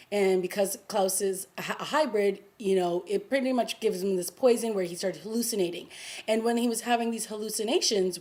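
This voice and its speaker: A woman recapping a TV episode in a casual vlog, excited and gushing, with lots of fillers, acting out the characters' lines. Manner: acts out quoted lines with raised pitch. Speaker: TV review vlogger.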